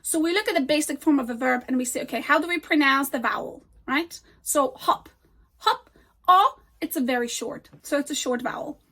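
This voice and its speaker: A woman teaching an English grammar lesson, slowly and deliberately modeling example words. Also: high voice, pushed and bright.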